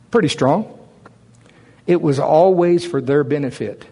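A man's voice: fairly high pitch, expressive, moderate pace, darkish tone, breathy edge. A man preaching as a pastor, reading scripture in old English and then driving points home with rising force. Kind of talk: sermon.

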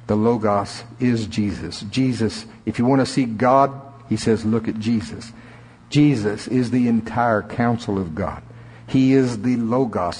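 A man preaching a sermon, with sudden climbs in pitch and slow, drawn-out emphasis. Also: a little mellow, slightly rough. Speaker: pastor. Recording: echoey hall reverb.

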